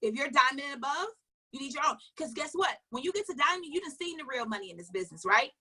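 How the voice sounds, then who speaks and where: A woman with a high, bright voice gives a motivational coaching talk. She talks emphatically, fires question after question, and repeats her points. Now and then she drops into low asides. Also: expressive, fast talker. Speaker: network marketing coach.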